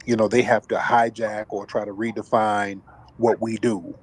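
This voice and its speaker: Male host, emphatic and preachy, husky voice, casual profanity. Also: lowish voice, little pitch movement, normal speed, low-quality recording. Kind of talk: commentary talk show.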